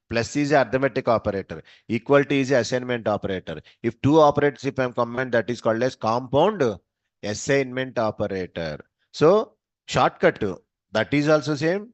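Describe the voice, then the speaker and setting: A man with a Telugu accent teaches a programming class, firing questions at students and repeating the answers back. He slips between English and Telugu. His voice is mid-pitched and the recording is dry and close. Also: no room sound. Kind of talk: live classroom lecture.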